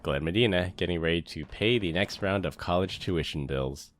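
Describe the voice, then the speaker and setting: A man's voice: sits low, normal speed. A man hosting a security podcast, joking with his co-hosts in a casual chat. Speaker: podcast host.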